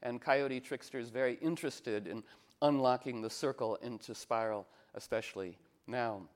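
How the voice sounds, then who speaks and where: A man's voice: medium pitch, moderate pace. A man giving an informal spiritual talk as a teacher, telling playful stories and acting out the voices of people he quotes.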